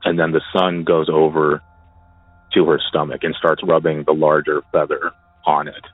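A man casually telling a personal story, halting and often repeating his words as he goes. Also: rumbling low, flat delivery, no echo. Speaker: caller sharing a personal story. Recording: tinny phone line, dry.

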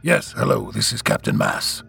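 A man voicing a stern, calm middle-aged male military captain who questions slowly and coldly in a storybook reading. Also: soft background music, heavily acted. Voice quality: gravelly, very deep. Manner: calm, slow, clipped questioning.

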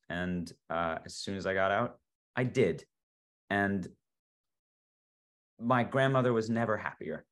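A man's voice: sits low, unhurried, long pauses. A young man, an actor, chatting as a podcast guest and telling stories with lots of restarts. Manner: animated storyteller, stammers and restarts. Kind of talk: casual interview chat.

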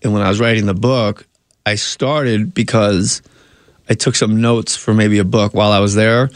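A man's voice: on the low side, fairly even intonation, normal speed, dry recording, studio quality. A man, a comedian and actor, telling rambling anecdotes in a casual interview, often cutting himself off.

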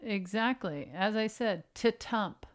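Dry deadpan woman podcast host. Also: mid-range voice, slow. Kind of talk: casual chat.

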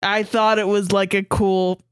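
A woman's voice: medium pitch, flat delivery, unhurried, clean tone. A woman co-hosting a comedy podcast in casual chat, teasing and laughing often. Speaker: podcast co-host.

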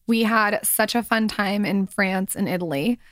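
A woman's voice: mid-range voice, a little slow, a bit bright, no echo. A woman co-hosting a podcast in bubbly casual chat, using "like" often, with a dry close studio mic sound. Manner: chatty, bubbly, says "like" often. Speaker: podcast co-host.

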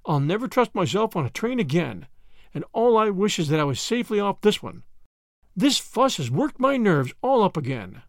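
A man reading a storybook aloud, voicing a fussy, anxious old grandmother on a train who speaks in a high, quavering, excitable way. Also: moderate pace, dry recording, clean studio sound. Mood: grateful, flustered.

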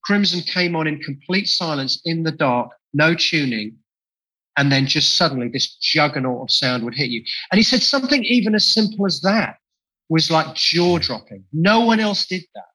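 A man's voice: on the high side, expressive, moderate pace, sharp tone, husky, rough recording. A man being interviewed as a musician guest, talking with enthusiasm and reflection, often restarting phrases. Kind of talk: podcast interview conversation.

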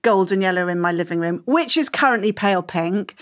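A woman's voice: medium pitch, expressive, brisk. A woman co-hosting an interiors podcast in casual chat, rambling and self-deprecating. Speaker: podcast co-host and interior stylist.

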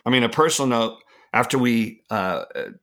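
A man's voice: medium pitch, fairly quick, a bit bright. A middle-aged man co-hosting a podcast, chatting casually and enthusiastically, leaning hard on words for emphasis. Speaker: podcast co-host. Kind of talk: casual gift-guide chat.

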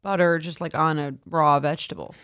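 A woman's voice: sits low, fairly even intonation, brisk, a bit bright, smooth. Dry-toned woman co-host. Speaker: podcast co-host. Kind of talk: casual chat.

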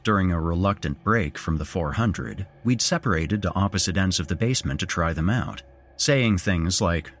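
A man narrating a first-person horror story as a podcast host, telling it expressively. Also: deep voice.

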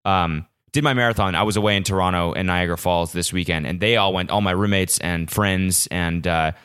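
A young man with a slightly low voice rambles through a solo podcast from his apartment. He sounds frazzled and swears constantly, piling up restarts as he talks. He is picked up by a little vlog camera's built-in mic. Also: steady tone, brisk, fairly bright tone, smooth. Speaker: podcast host. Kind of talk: casual solo podcast monologue. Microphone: small vlog camera mic.

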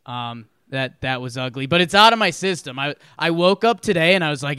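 A man's voice: fairly high pitch, expressive, fairly quick, few pauses, sharp tone, clear, resonant tone, dry recording. A man co-hosting a casual sports podcast, chatty and often restarting his sentences. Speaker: podcast co-host.

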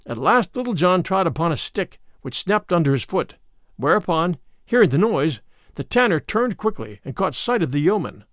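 A man narrating an old-fashioned storybook in an expressive, unhurried way. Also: high-pitched, no room sound, studio quality.

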